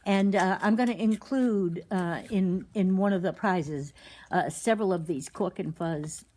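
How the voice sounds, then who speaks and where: A woman hosting an animal rescue livestream, reading a children's story aloud with a gentle, chatty delivery. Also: lowish voice, a little slow.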